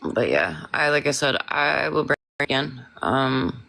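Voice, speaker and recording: A woman's voice: extremely low pitch, sing-song, a little slow, vocal fry, bright, forceful tone, low-quality recording. A woman joining a livestream as a guest, talking in a rambling, emphatic way and swearing often. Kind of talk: casual livestream chat.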